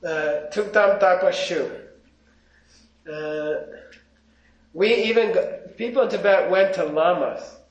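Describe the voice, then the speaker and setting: A man teaching a class on Buddhism, reading out Tibetan lines slowly and then explaining them in casual, joking English to his students. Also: sits high. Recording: echoey, dull lo-fi room recording.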